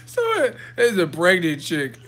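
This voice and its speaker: A man's voice: sits high, wildly swooping pitch, slow pace, fairly bright tone. A man hosting a boxing live chat from a hotel room, telling profane, joking stories. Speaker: boxing YouTuber host. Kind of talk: live-chat vlog storytelling.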